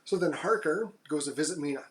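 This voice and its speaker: A man co-hosting a podcast, recapping a movie plot in loose casual chat, with fillers and quick jokey asides. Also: on the high side, crowd noise. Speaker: podcast co-host.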